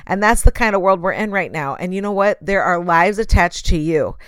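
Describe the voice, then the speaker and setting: A woman's voice: fairly low pitch, a little fast, a bit bright, clean tone, dry recording, studio quality. A woman hosting a motivational talk, speaking straight to her listeners and acting out voices in quoted asides. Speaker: podcast host.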